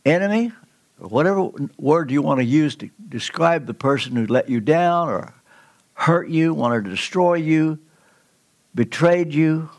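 An older man preaching a sermon in a church, telling a personal story with earnest, slow, emphatic pauses. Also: fairly high pitch, expressive. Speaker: pastor. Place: church sanctuary.

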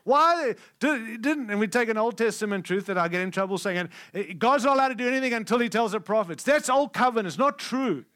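A man preaching a conference sermon, emphatic and candid, shifting between loud declarations and hushed lines. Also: sits high, fast talker, hardly any pauses, clear, resonant tone, no room sound, studio quality. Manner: candid and conversational.

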